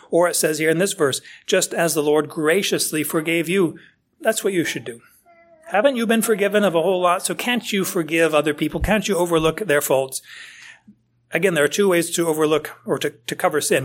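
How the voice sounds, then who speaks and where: A man preaching a conversational verse-by-verse sermon, full of rhetorical questions and acted-out asides. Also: a little high. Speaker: pastor. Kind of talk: expository sermon.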